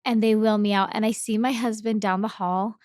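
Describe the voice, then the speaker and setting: A young woman telling a personal story on a podcast, emotional and halting, repeating her words as feeling comes up. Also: medium pitch, fairly even intonation, darkish tone, no echo, studio quality. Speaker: podcast guest.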